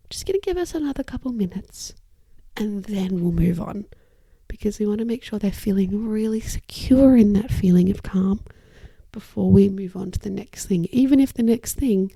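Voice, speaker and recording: A woman with a dark, mellow voice that carries a gravelly edge of fry, explaining as an occupational therapist on her podcast. She speaks calmly and deliberately, and her phrases keep fading into breathy near-whispers. The sound is close and dry. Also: medium pitch, no echo. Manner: calm, measured, phrases trailing into breathy whispers. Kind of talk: educational podcast talk. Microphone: microphone.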